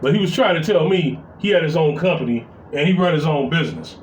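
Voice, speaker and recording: A man telling a story in a casual, profane, animated way, venting to his viewers from his workplace. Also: fairly high pitch, quick pace. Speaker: vlogger. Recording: echoey, distant mic with faint background noise.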